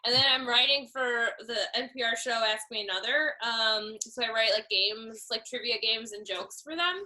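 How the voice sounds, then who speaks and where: A woman with a bright, sharp voice, somewhat higher than most, chats as a guest on a comedy show. She is enthusiastic and quick to toss in joking asides. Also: poor audio. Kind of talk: casual chat.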